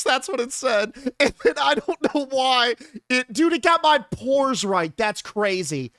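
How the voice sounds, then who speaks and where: Excitable young man streaming. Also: extremely high pitch, unhurried, few pauses, dry recording, clean studio sound. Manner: excitable, giggly, laid-back slang. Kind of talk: casual stream chat.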